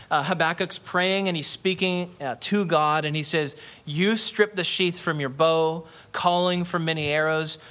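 A middle-aged man delivers a sermon with a fairly high voice. He preaches earnestly and with emphasis, slowing down to press home key phrases. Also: bright, forceful tone. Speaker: pastor.

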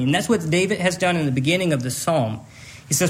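A man preaching a sermon, earnest and emotional, often on the edge of tears, halting and repeating words as he goes. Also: fairly high pitch, lively intonation. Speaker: pastor.

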